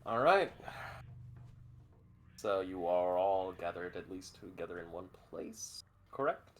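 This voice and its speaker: A man's voice: low-pitched, lively intonation, slow pace. A man running a tabletop game as game master, chatting and laughing easily with his players over a voice call.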